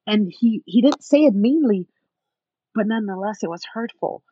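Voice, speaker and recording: A woman's voice: medium pitch, moderate pace, husky, no room sound, lo-fi sound. A woman guest in an interview, telling her own story emphatically and acting out what others said to her. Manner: emphatic, animated, acts out other people's words.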